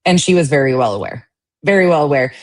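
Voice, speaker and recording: A woman's voice: deep voice, expressive, fast, dry recording. A woman co-hosting a podcast, speaking bluntly and dismissively in casual commentary. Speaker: podcast co-host.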